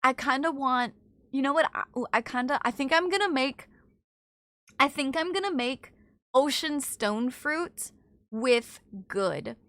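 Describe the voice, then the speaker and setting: A woman streamer chatting casually with her chat, apologetic and bubbly, quick to gasp and laugh. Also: sits high, lively intonation, fairly bright tone, no room sound.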